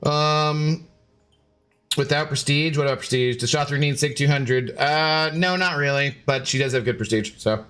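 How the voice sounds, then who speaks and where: A man's voice: fairly high pitch, normal speed, a bit bright. A man streaming a game in casual, rambling chat, joking with his dog and greeting viewers.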